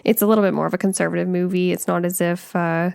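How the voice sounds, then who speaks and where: Gravelly-voiced woman chatting about films. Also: on the low side, steady tone, fast talker, a little mellow, no room sound. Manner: chatty, full of "like", laughs often. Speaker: podcast co-host. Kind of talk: casual film discussion podcast.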